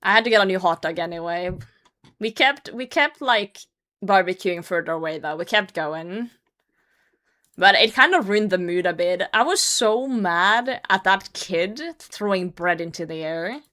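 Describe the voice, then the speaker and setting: A young adult woman telling a story to her stream chat in a casual, animated way, swearing freely and sometimes trailing off into mumbles. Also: lowish voice, unhurried. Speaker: livestreamer.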